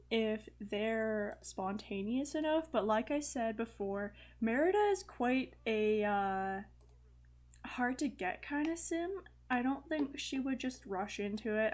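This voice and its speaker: A woman's voice: on the high side, darkish tone. A young woman casually commenting on her life-simulation gameplay, chatty, with frequent fillers and light laughs. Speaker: gaming video host. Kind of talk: casual let's-play commentary.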